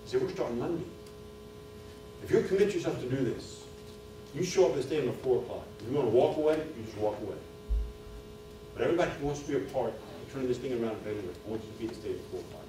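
Middle-aged man preaching a sermon, distant mic, big echo, music underneath. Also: fairly low pitch. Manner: storytelling that builds to loud preaching. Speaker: retreat speaker. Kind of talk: sermon with a personal story. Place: church retreat hall. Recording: echoey hall, far from mic, music behind.

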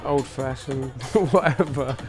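A man of ordinary pitch talks in a loose, chatty way as an interview guest. He laughs often and breaks into mouth-made sound effects as he talks. Faint music plays quietly behind his voice. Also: steady tone, takes it slowly. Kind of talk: casual interview chat.

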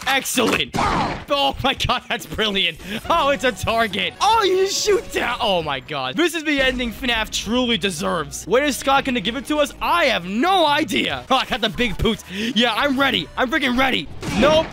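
A man commentating a video game as he plays, jokey and excitable, yelping and laughing at the scares. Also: extremely high pitch, normal speed, gravelly, soft background music. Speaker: gaming YouTuber. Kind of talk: let's play commentary.

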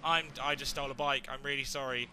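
A young man chatting through a video game playthrough in a jokey, excitable way. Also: medium pitch, fast talker, slight background noise. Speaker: let's play gamer. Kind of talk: casual game commentary.

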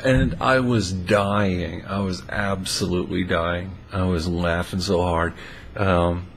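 Laid-back low-voiced male storyteller. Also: steady tone, slow pace, a little hiss or hum. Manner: laid-back and amused, lots of "uh" fillers. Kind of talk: casual personal storytelling.

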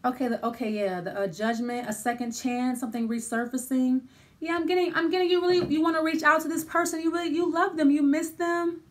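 A woman's voice: high-pitched, fairly quick. A woman giving a casual tarot reading, thinking aloud with many restarts and fillers. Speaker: tarot reader.

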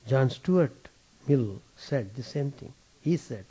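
Mellow, husky man reading devotional texts. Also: mid-range voice, low-quality recording. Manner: measured, reverent recitation. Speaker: swami teaching at a Vedanta temple.

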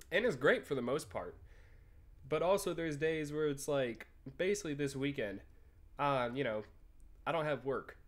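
A young man casually commenting on a texting game, rambling and joking with frequent swearing and laughter. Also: a little high. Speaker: gaming YouTuber. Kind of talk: casual let's play commentary.

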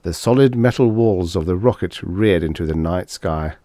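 A man reading vintage science fiction aloud as an audiobook narrator, with expressive, dramatic storytelling. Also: deep voice, moderate pace, dry recording.

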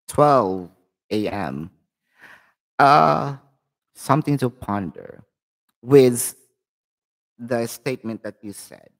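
A man with a Filipino accent hosting a live tarot reading, speaking chatty and direct to his viewers. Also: lowish voice. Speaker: tarot reader and channel host.

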